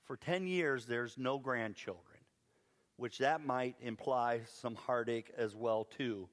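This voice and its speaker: A man preaching a sermon, telling a Bible story in a lively way with playful asides. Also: medium pitch, takes it slowly, long reverb tail. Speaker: pastor. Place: church sanctuary.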